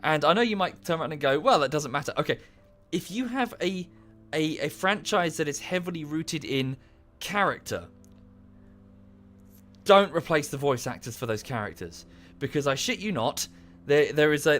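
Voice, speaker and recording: A man's voice: fairly high pitch, lively intonation, moderate pace, a bit bright. Rambling man in his thirties, ranting. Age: 30s. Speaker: game streamer. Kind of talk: casual live-stream chat. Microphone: close to the microphone.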